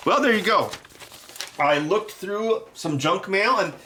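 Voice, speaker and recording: A man hosting a casual vlog, animated and jokey with frequent laughter. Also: sits high, slow, slight background noise. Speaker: tech YouTuber.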